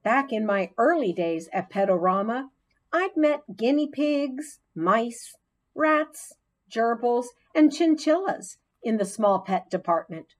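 A woman narrating a children's storybook in the voice of a chatty hamster classroom pet, with expressive storytelling. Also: on the high side, slow. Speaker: audiobook narrator.

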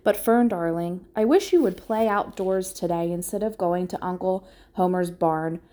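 A woman's voice: fairly low pitch, normal speed, warm tone, close to an everyday voice. A woman reading aloud and voicing a stern, practical farm mother who speaks in a firm, scolding way. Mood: coaxing.

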